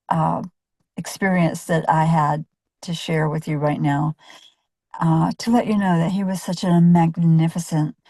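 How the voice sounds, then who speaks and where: A woman with a low voice tells a personal story in an interview. She talks chattily and fills her sentences with "uh" and small restarts. The sound is dry and close. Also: mellow, no echo. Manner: chatty, full of fillers and self-corrections. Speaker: photojournalist interviewee. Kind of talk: anecdotal storytelling.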